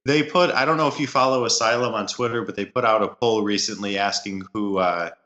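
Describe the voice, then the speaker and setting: A man's voice: lowish voice, fairly quick, bright, forceful tone, muffled recording. A man co-hosting a casual movie podcast, trading dry jokes. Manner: dry, joking banter. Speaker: podcast co-host.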